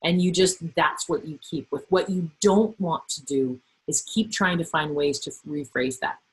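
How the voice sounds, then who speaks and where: A middle-aged woman trainer presenting a workplace webinar, animated and acting out the voices she quotes. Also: sits low, unhurried, husky, poor audio.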